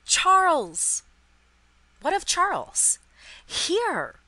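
A woman's voice: a little high, lively intonation, normal speed, pushed and bright, dry recording, poor audio. A woman voicing a frantic, distraught young wife in a storybook reading, pleading in broken, panting phrases.

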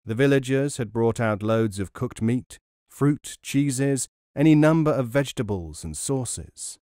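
Reading an audiobook, a man keeps a steady, measured storytelling delivery at medium pitch. The recording has studio quality and a dry sound.

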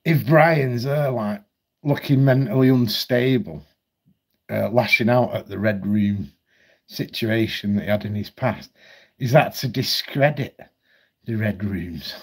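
A man's voice: on the low side, unhurried, breathy edge. A man ranting at home on his channel, blunt, heated and full of swearing. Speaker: vlogger. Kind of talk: ranting commentary.

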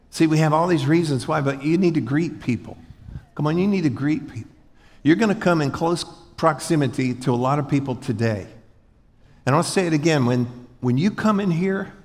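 A man's voice: on the high side, a little mellow. A man preaching a folksy, joking sermon to a congregation, asking them to repeat after him. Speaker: pastor. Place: large church hall before a congregation. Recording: echoey church hall.

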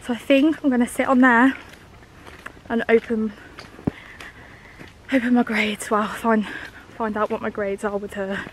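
A woman's voice: a little high, level tone, rough recording. Young woman vlogger, chatty and anxious, a little breathless, handheld camera outdoors with faint background noise. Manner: chatty, fast, anxious rambling. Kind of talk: casual vlog chat. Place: outdoors walking through woods and hills.

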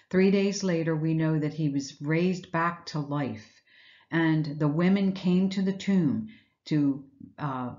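This woman's Easter sermon retells scripture in a thoughtful storytelling manner, punctuated by rhetorical questions. She speaks in a low voice, and the audio sounds dull.

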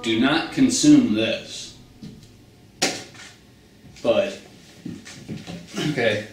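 A man doing a casual, crude food-challenge vlog, talking slowly and sometimes with food in his mouth. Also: mid-range voice, fairly even intonation. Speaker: food review vlogger. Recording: roomy audio from far mic with guitar music.

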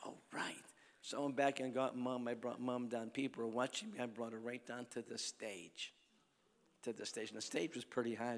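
An older man preaching at a crusade, telling folksy stories in a sermon that swings from soft talk to loud exhortation. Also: mid-range voice. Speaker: evangelist preacher. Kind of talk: sermon with storytelling. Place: large church or arena at a crusade. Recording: long hall reverb.

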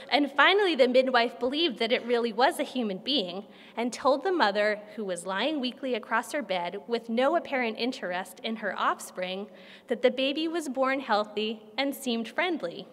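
Woman reading fiction aloud in a hall. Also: on the high side. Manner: measured, expressive reading. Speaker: literary translator. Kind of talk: reading a translated novel aloud. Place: conference room. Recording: long hall reverb.

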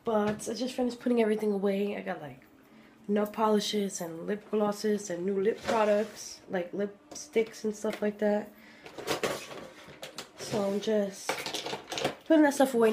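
A woman vlogging at home, chatting excitedly about her presents and sometimes dropping to a whisper. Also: mid-range voice, a little hiss or hum. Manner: gushing, chatty, drops to soft whispers. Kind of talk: casual vlog chat. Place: home, indoors.

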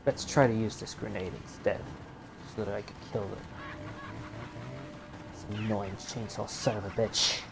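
A man's voice: on the low side, fairly even intonation, measured pace, gravelly, long pauses, noisy background. A man commenting on his own gameplay in a let's play, frustrated and swearing often. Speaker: gamer.

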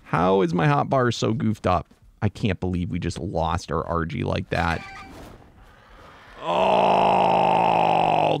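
A man's voice: lowish voice, vocal fry, no echo. A man giving live gameplay commentary, swinging between frantic yelps and muttered groans. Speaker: gameplay streamer.

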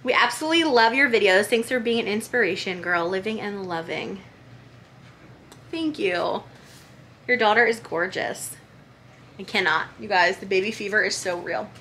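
A woman's voice: mid-range voice, moderate pace, pauses often, bright, forceful tone, a little hiss or hum. A woman vlogger chatting casually and reading holiday cards aloud, gushing and emotional.

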